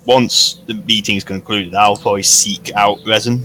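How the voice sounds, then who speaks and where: A man playing a tabletop game, speaking in a measured, sly way in character. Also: fairly low pitch, fairly even intonation, pushed and bright, soft background music, poor audio. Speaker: player. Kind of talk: tabletop role-play. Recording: faint ambient noise.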